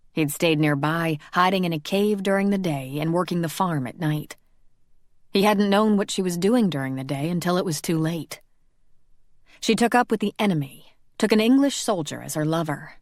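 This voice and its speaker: A woman narrating a paranormal romance audiobook in a measured, even storytelling manner. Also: lowish voice, dry recording, clean studio sound. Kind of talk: scripted narration.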